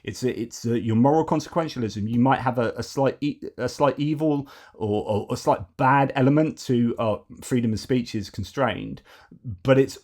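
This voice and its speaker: A man's voice: medium pitch, a little mellow. A man hosting a news commentary show, talking in a digressive, argumentative way with many fillers and restarts. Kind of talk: opinionated news commentary monologue.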